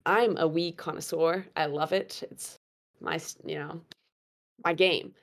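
A young woman telling a personal story in a relaxed chat, her voice sitting a little low for a woman. She talks in an animated way, laughs often, and leans on fillers as she goes. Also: unhurried. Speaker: guest storyteller.

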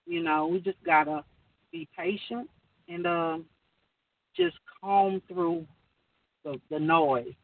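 A woman's voice: on the low side, lively intonation, slow pace, long pauses, no echo. A woman on a call talking earnestly about running her own business, rambling with many fillers. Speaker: caller sharing business advice. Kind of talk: casual chat. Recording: distant tinny phone line.

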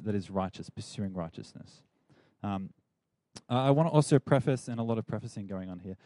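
A man's voice: medium pitch, dark tone, no room sound. A young man giving a chatty, playful Bible talk to a youth group and leading them in call-and-response.

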